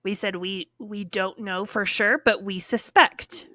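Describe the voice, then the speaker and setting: Animated woman telling a story, bright voice. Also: mid-range voice, measured pace, dry recording, studio quality. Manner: animated, many fillers, acts out quotes. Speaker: podcast guest telling her story. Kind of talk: casual storytelling.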